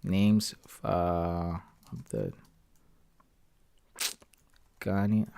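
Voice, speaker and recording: A man's voice: sits low, sing-song, extremely slow, creaky, warm tone, a little hiss or hum. A man from Canada chatting casually on a live stream, reading viewer messages aloud and answering them from home into a close, sensitive desk mic.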